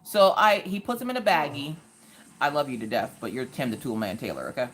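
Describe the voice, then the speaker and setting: Low-voiced, lively storytelling woman. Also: brisk. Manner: animated, sarcastic, acts out the people in her stories. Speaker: live-stream host. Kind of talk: casual storytelling on a craft live stream.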